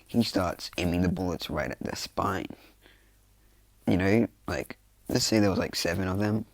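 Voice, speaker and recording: Rambling low gravelly-voiced man. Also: moderate pace, no room sound, poor audio. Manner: rambling, heavy fillers, loose and offhand. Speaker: fan storyteller. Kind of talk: casual improvised storytelling. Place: room at home.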